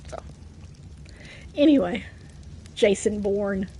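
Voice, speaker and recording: A woman with a Southern US accent, chatting casually while streaming a game, getting over a cough, self-deprecating and quick to laugh. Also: mid-range voice, dark tone, slight background noise. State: coughing from a cold.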